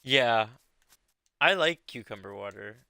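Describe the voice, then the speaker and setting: A man's voice: mid-range voice, lively intonation, slow, vocal fry, sharp tone, clear, resonant tone, no echo, clean studio sound. A man chatting casually while he streams a game, laughing often between lines. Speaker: gaming streamer. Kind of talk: casual chat while gaming.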